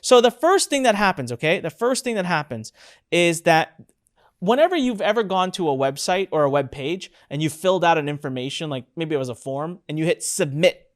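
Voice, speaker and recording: A middle-aged instructor running a live webinar, bursting with excitement and leaning hard on key points. Lines get repeated for emphasis, with chatty asides and filler words along the way, in a mid-range voice. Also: mid-range voice, fairly quick. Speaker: online course instructor.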